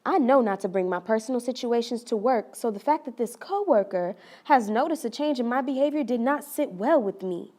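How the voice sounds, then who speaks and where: A woman's voice: a little high, animated, fairly quick, hardly any pauses, a little mellow. A woman playing a wounded young woman, confiding and earnest. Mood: resolute. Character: young woman recounting a hurtful relationship, wounded but resolute. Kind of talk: dramatic monologue.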